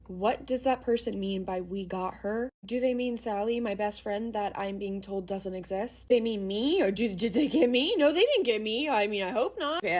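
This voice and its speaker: A woman's voice: medium pitch, darkish tone. Chatty young woman telling a dramatic story. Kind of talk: casual storytime narration.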